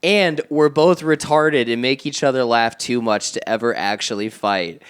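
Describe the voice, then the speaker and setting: Podcast co-host, male, mid pitch; reads messages straight, then cracks up and riffs on them. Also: moderate pace, clean tone. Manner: reads text messages aloud with mocking asides, laughing often. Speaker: podcast co-host reading a story aloud. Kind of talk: casual comedic podcast chat and reading.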